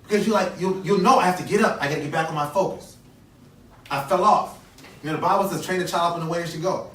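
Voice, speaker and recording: A man in his thirties gives a motivational speech to young listeners, speaking earnestly and repeating his key lines for emphasis. His voice sits fairly high and rings bright and forceful. It is picked up from a distance in an echoey hall with faint ambience behind. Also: fast talker. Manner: earnest, repeats key phrases, call-and-response questions. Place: conference hall.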